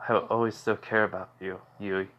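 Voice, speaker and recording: A man voicing a quiet, coldly menacing teenage boy who speaks in low, flat threats, close to his own voice. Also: brisk.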